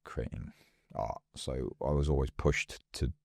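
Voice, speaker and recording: Very deep-voiced man, lively storyteller. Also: measured pace, vocal fry, breathy edge, no echo, clean studio sound. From England. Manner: lively storyteller who acts out quoted voices. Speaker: podcast guest. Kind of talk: casual interview chat.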